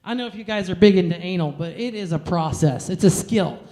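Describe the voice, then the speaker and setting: A woman's voice: on the low side, a little fast, mellow. A woman performing a stand-up comedy set with a brash, crude and self-mocking delivery.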